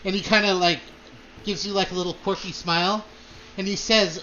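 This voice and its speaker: A man's voice: sits high, steady tone, moderate pace, bright, forceful tone, dull audio, slight background noise. A man narrating a tabletop game as game master, describing scenes with many fillers.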